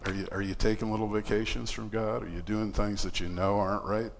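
A man with a somewhat low voice preaches to a church congregation. He talks in a relaxed, conversational way, slipping in fillers as he tells his story. He acts out the lines of the people he quotes. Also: brisk, gravelly, long reverb tail, a little hiss or hum. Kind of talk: sermon with personal story.

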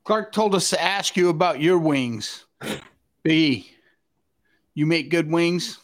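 A man's voice: on the high side, slow pace. A man chiming in during a casual podcast chat with teasing remarks. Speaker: podcast co-host.

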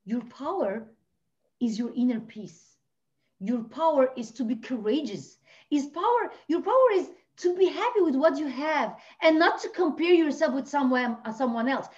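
A woman from Lebanon, a podcast guest telling her personal story with passion, swinging between hushed and near-shouting. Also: high voice, lively intonation, normal speed. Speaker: podcast guest, life coach. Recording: dull lo-fi audio.

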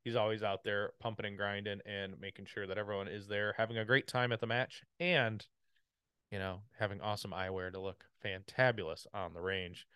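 Low-voiced casual podcast host. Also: male voice, fairly even intonation, brisk, pushed and bright, clear, resonant tone, no echo, clean studio sound. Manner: rambling, upbeat, filler-heavy. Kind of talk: casual sponsor read.

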